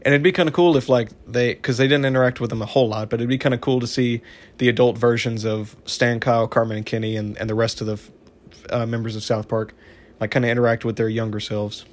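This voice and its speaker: A man's voice: medium pitch, fairly even intonation. Rambling man recapping an episode. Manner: rambling, halting, with many restarts. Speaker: TV episode reviewer. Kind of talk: casual spoken episode recap.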